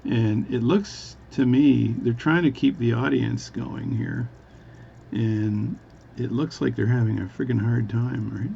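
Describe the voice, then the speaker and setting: Watch vlogger, man, gravelly voice, rambling and jokey, muffled recording with faint hum. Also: medium pitch, measured pace, warm tone. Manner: rambling, self-interrupting, jokey. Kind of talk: casual workbench talk.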